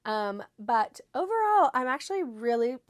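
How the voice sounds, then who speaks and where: A young woman talks casually to her camera, her voice stuffed up from a head cold. She rambles in a self-deprecating way, trailing off and starting her sentences over. The sound is dry and close, at a middle pitch. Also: moderate pace, no room sound. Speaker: fashion vlogger. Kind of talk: casual try-on haul chat to camera.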